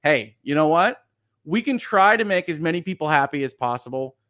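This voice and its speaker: A man's voice: on the high side, lively intonation, brisk, a bit bright, no echo, studio quality. A man hosting a live-streamed news show, commenting on stories and reading viewer chat, hesitant, with many restarts and frequent chuckles. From United States.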